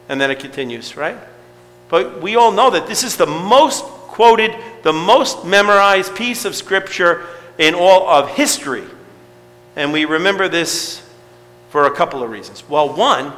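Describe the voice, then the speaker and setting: A man's voice: high-pitched, pushed and bright, in a large hall, rough recording. A middle-aged man preaching a sermon to his congregation in a conversational way, asking rhetorical questions. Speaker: pastor.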